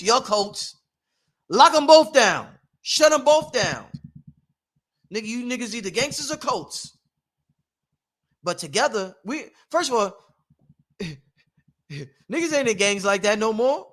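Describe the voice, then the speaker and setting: A man hosting his own live stream, talking casually and preachily, with frequent laughter. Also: extremely high pitch. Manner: animated, preachy, laughs often. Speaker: livestream host. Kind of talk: casual livestream monologue. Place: at home.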